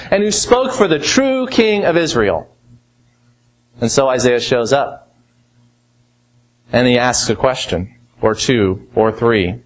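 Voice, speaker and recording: Male preacher teaching scripture, slightly high voice, emphatic then hushed. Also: poor audio. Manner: teaching, asks rhetorical questions. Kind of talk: expository sermon.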